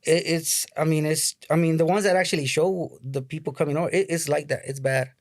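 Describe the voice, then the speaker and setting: A man talking as a podcast guest, halting and repeating his words, with casual slang. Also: a little high, fairly even intonation, dry recording, clean studio sound.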